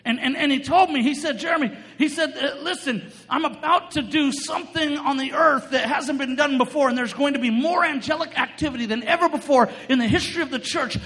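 Excitable preacher guy, really high voice, laughing and shouting as he tells the story, big echoey hall. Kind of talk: sermon with storytelling.

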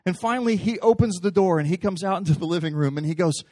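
Pastor, man with a high voice and a dry, close sound, telling stories from the pulpit and stumbling through restarts. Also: fast talker, darkish tone, no room sound. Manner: conversational, storytelling with repeated restarts. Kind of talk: sermon.

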